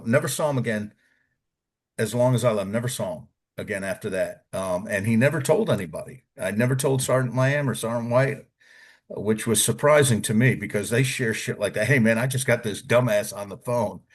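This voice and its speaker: A man's voice: medium pitch, animated, brisk. A middle-aged American man, a former Army Ranger, casually telling stories of basic training, swearing and acting out what others said. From United States. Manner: colorful, profane, acts out quotes. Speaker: interview guest, retired Army Ranger. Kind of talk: casual storytelling.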